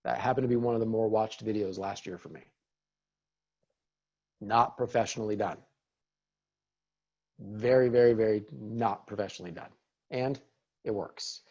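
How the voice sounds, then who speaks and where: A man's voice: lowish voice, normal speed, pauses often, warm tone, highs cut off. A man leading a casual webinar on using video in business, upbeat and encouraging, talking to attendees in a chat. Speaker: real estate team leader giving a video training.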